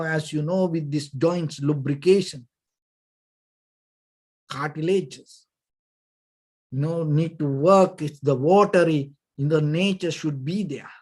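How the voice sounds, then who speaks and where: Giving a dhamma talk, this Buddhist monk who teaches meditation halts and hunts for words, leaning often on "you know." His pitch is fairly high, and his explanations stay gentle and patient.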